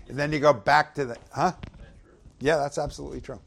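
A man preaching a conversational sermon, reading scripture aloud with loud swells and asking the audience rhetorical questions. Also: on the high side, fairly even intonation, brisk, gravelly, slight background noise. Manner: loud dramatic swells when reading verses.

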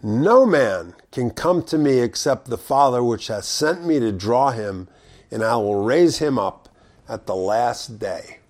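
Male preacher, mid-range voice, conversational verse-by-verse teaching with swings between emphatic and hushed delivery. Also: lively intonation, unhurried. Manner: reads scripture aloud then explains it conversationally; shifts between loud emphatic stress and low quiet asides.

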